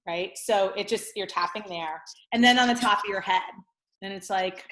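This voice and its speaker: A woman's voice: medium pitch, normal speed, fairly bright tone. A woman guest explaining something in casual chat, tagging her sentences with "like" and "right?", heard over a video call. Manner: chatty, many "like" and "right?" tags. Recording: roomy video call audio.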